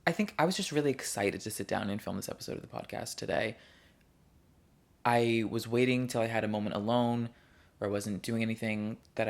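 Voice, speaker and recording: A man with a lowish, gravelly voice hosts a solo podcast from the couch in his living room. The talk is casual and rambling, and he drifts off topic easily while chatting.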